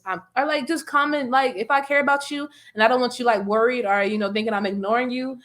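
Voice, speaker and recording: A woman co-hosting a podcast in casual chat, blunt and animated, swearing freely as she talks. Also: on the high side, fast, hardly any pauses. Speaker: podcast co-host.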